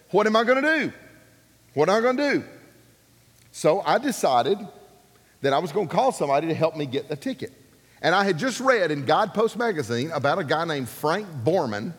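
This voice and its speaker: A man from Alabama, preaching and telling a personal story with animated, acted-out voices. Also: on the high side. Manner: animated, acts out quoted voices. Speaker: pastor. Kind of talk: sermon storytelling. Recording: long hall reverb.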